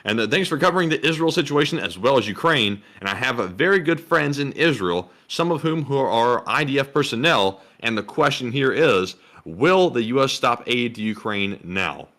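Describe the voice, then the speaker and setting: A man with a Southern US accent co-hosting a casual livestream, reading donations aloud and making relaxed, dry jokes. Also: medium pitch, normal speed, hardly any pauses.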